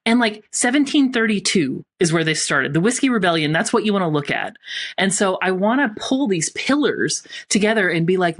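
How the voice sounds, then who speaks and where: A woman from Tennessee with a neutral, mid-Atlantic-leaning accent, chatting as a podcast guest, animated and quick to laugh. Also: medium pitch. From Tennessee, USA. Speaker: guest, copywriter and author. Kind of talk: casual podcast conversation.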